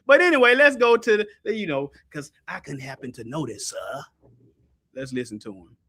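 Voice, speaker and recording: A man with a high, bright voice speaks. He is hosting a loose, animated teaching stream for an online ministry. He chats straight to his viewers and reads answers out to them as he goes. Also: moderate pace. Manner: animated, talks back to an unseen chat, reads out AI answers. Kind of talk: casual teaching livestream.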